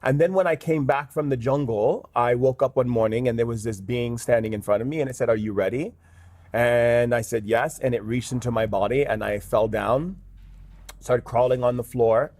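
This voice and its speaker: A man's voice: mid-range voice, moderate pace, a little mellow, dry recording. A man, a guest shaman in an interview, telling a story earnestly with many fillers. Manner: earnest, with frequent "um" and "like".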